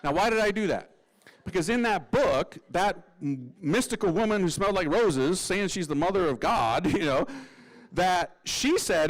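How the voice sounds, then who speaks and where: Lively, slangy male priest telling a story. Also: high-pitched, normal speed, rough recording. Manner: lively, slangy, acts out voices. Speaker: Catholic priest. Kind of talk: humorous storytelling testimony.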